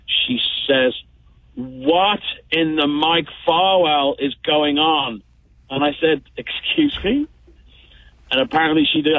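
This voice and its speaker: A man's voice: mid-range voice, no echo. Rambling man on a tinny phone line. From United Kingdom. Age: 50s. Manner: rambling, chatty, lots of fillers. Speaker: caller. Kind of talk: phone call-in chat.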